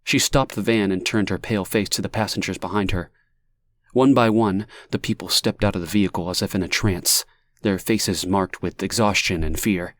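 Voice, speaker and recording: Low-voiced male audiobook narrator. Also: moderate pace, no echo. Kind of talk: scripted narration.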